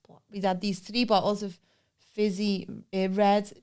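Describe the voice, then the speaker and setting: A woman's voice: mid-range voice, a little slow, clear, resonant tone. A woman, co-hosting a podcast and telling funny stories in a casual chat, doing voices of the people in them. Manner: lively, animated impressions of people in her stories. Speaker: podcast co-host.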